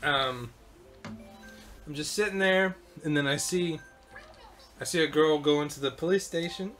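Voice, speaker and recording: A man's voice: fairly high pitch, unhurried, a bit bright, faint music behind. A man casually telling a rambling story, laughing and swearing as he goes. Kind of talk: casual chat while gaming.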